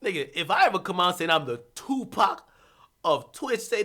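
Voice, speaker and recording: A man hosting a livestream, ranting about hip-hop in a casual, profane, animated way with bursts of laughter. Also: high voice, normal speed.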